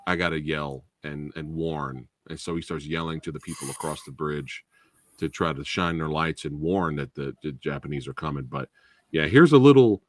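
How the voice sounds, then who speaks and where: A man hosting a casual film review chat, excitable and swearing freely. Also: rumbling low, brisk, no room sound, studio quality. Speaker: podcast host and film reviewer.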